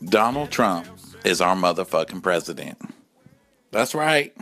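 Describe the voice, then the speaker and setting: A man in his forties riffs through a campy, profane comic monologue, his voice swinging widely up and down as he acts out other people. His pitch sits a little low for a man, and he is recorded at home. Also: animated, a little slow, music in the background. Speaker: comedy podcast host.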